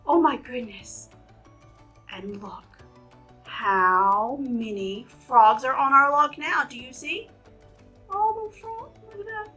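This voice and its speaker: A woman reads a picture book aloud to young children, her fairly high, bright voice swooping widely with gasps and exclamations. She takes her time over each page. She sits some way back from the mic in an echoing room. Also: takes it slowly, distant mic, faint music behind. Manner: animated, gasping, exclaiming to young listeners. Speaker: children's storytime reader.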